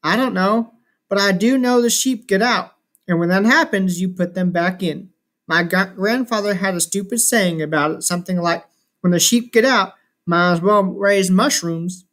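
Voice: medium pitch, moderate pace, a bit bright, lightly acted. Brief: reader doing a weary, dutiful storybook girl, matter-of-fact.

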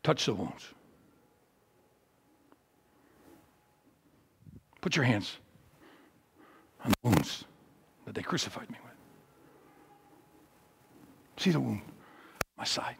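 A man voicing a solemn, gentle Jesus in a low, hushed tone while telling a story in a sermon. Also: sing-song, slow, creaky, pauses often, background noise, full character voice.

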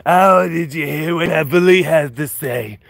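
Un uomo che imita una motociclista fumatrice roca. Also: male voice, fairly high pitch, measured pace, fairly bright tone, no echo, studio quality. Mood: gossipy. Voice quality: gravelly smoker's voice. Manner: gossipy. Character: raspy chain-smoking fifty-year-old biker woman.

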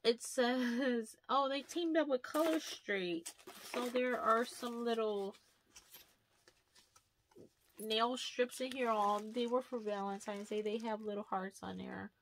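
A woman's voice: on the high side, slow pace, slight background noise. A young adult woman chatting casually through a beauty haul and unboxing, rambling with lots of filler words. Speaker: beauty vlogger.

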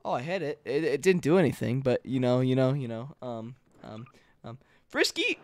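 A man hosting a live gameplay stream, excitable and joking, often yelling to his co-player. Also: mid-range voice, brisk, no room sound. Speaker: streamer host.

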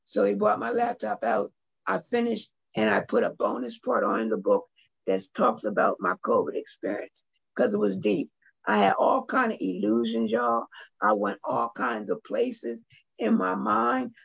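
A woman's voice: mid-range voice, very animated, normal speed, vocal fry, breathy edge, muffled recording. A middle-aged woman, a guest artist and poet, earnestly telling a personal story on a video call and speaking directly to her listeners.

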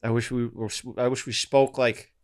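A man's voice: medium pitch, flat delivery, normal speed, smooth. A man hosting a podcast in a loose, profane, casual chat full of fillers. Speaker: podcast host.

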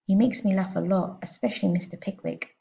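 A woman's voice: mid-range voice, fairly quick, vocal fry, mellow, close to an everyday voice. A woman voicing a small, clever, polite girl who speaks in an earnest, precise way, heard on a slightly muffled lo-fi recording.

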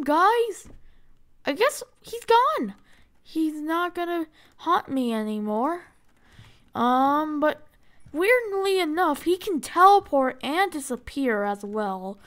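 High pitched gamer girl narrating her game, slow drawn out talk, gets all worked up. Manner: excitable, talks to the game and viewers. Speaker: gaming channel host. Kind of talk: live gameplay commentary.

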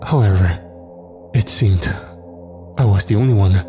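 A man narrating a first-person horror story in a measured, grim way. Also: on the low side, over music.

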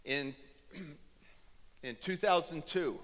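A man's voice: a little high, extremely slow, a bit bright, long reverb tail. A man in his fifties preaching a sermon as pastor, telling a personal story in an earnest, emotional way.

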